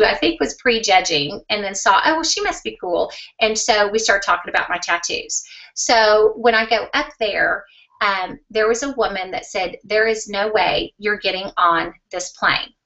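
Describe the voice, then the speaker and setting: A woman telling a personal anecdote in a lively, animated way, acting out what people said. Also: mid-range voice. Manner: lively, animated retelling with acted-out quotes. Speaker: speaker sharing a personal story. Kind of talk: storytelling anecdote. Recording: dull, slightly distant sound.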